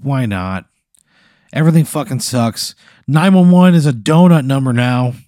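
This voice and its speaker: A man's voice: mid-range voice, animated, moderate pace, dark tone, no echo, clean studio sound. A man co-hosting a podcast, reacting in casual comedic banter with exasperated, profane remarks. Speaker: podcast co-host.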